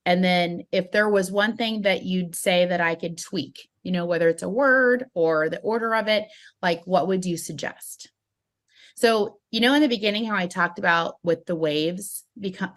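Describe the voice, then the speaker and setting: A woman delivers a motivational training talk on building a sales business, her voice bright with a smile. She sounds upbeat and animated, at a middle pitch for a woman, recorded on a phone. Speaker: network marketing trainer.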